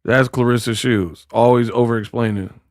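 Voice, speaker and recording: A man's voice: medium pitch, fairly even intonation, normal speed, no echo, clean studio sound. A man in casual commentary who talks in a mocking, slangy way and acts out quotes. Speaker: boxing commentator.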